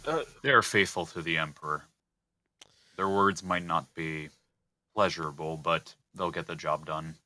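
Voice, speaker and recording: A man playing in a tabletop game, speaking in a measured, formal way. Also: a bass voice, bright, forceful tone, no echo. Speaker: player.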